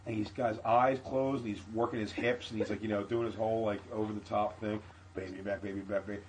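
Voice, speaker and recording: A man's voice: lowish voice, quick pace, poor audio. A male comedian telling a profane story on a podcast, acting out the people in it. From Philadelphia area. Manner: animated, profane anecdote with acted-out quotes. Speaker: comedian guest.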